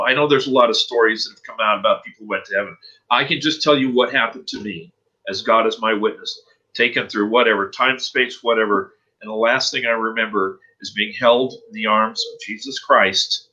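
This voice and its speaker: Man guest, deep-ish bright voice, earnest testimony, slightly muffled recording. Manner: earnest, emotional storytelling. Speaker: interview guest. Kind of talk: personal testimony in interview.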